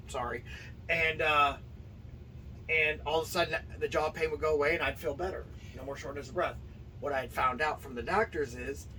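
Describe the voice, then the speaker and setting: A man's voice: fairly high pitch, fairly bright tone. A middle-aged man, a professional wrestler, telling his story as an interview guest and acting out the dialogue. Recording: distant mic with faint noise.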